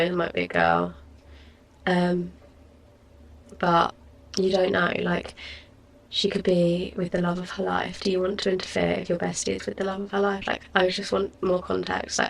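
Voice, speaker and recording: A woman's voice: on the low side, vocal fry, slightly rough. A young woman hosting a solo podcast, chatting casually and rambling about her day while sounding tired. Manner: chatty, rambling, lots of likes and ums. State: tired, yawning. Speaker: podcast host.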